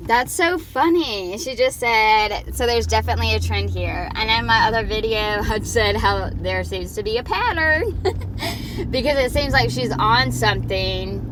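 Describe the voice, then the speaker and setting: A woman's voice: fairly high pitch, a little slow, hardly any pauses, noisy background. A woman vlogger ranting and swearing while she drives, talking into her phone. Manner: swearing, heated and rambling. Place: in a car.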